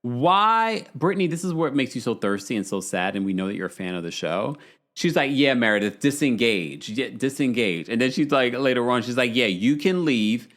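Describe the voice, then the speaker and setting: A man hosting a podcast, recapping a reality show in casual, gossipy chat with animated asides and laughs. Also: mid-range voice, normal speed.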